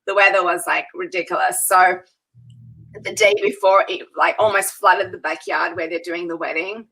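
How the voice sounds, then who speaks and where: A wedding planner recounts her events with lively, animated energy in a casual interview. Her voice is bright and forward, with a slightly husky, breathy grain. She laughs freely as she talks. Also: on the low side, moderate pace, poor audio. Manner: animated storyteller, laughs often.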